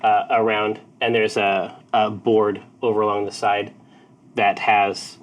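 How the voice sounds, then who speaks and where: A man as game master, describing a tabletop game scene in a slow, searching way. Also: lowish voice, level tone.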